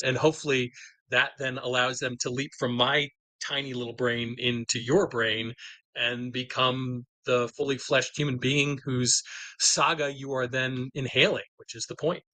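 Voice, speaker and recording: A middle-aged man tells enthusiastic stories about his writing in a casual interview. His voice is bright and forceful, and it sounds dry and close. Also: medium pitch, normal speed, dry recording, low-quality recording. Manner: enthusiastic, animated storyteller. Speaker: novelist and guest.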